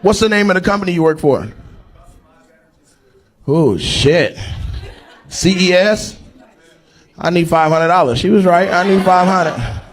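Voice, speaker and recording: Loud profane stand-up comic roasting the crowd. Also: male voice, high voice, expressive, unhurried, long pauses. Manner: loud, profane, teasing banter with the audience. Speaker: stand-up comedian. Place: live comedy venue with an audience.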